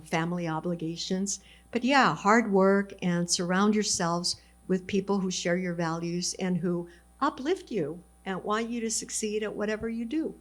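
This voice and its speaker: Earnest older woman from Texas. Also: fairly low pitch. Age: 70s. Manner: earnest, encouraging, storytelling. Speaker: alumna guest speaker. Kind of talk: fireside chat with students.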